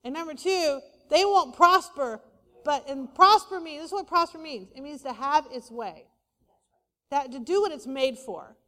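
Woman pastor preaching, really high voice, chatty and punchy, big church echo. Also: normal speed. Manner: energetic, conversational, playful asides. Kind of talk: sermon. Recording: long hall reverb.

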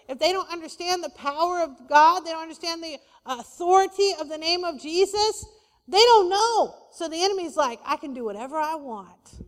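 A woman pastor preaching a sermon, lively and conversational, with playful asides to the congregation. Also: very high-pitched. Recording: long hall reverb.

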